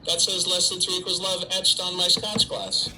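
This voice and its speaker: A middle-aged man talks to his webcam from home in a very bright, forward voice, pitched a touch high for a man. He rambles cheerfully, jokes at his own expense and reads out fans' questions. A faint room hum sits under him. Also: monotone, normal speed, poor audio. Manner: chatty, self-mocking, talks to an unseen audience. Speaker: actor hosting a live fan stream. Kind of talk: casual solo livestream chat. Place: home during quarantine.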